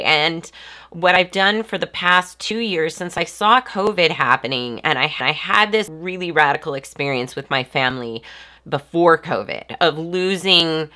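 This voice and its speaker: This woman in her forties has a low, nasal, congested voice that sounds pushed and bright, and she speaks a little slowly but expressively. Hosting a live stream, she reflects casually, hesitating with lots of ums and restarts.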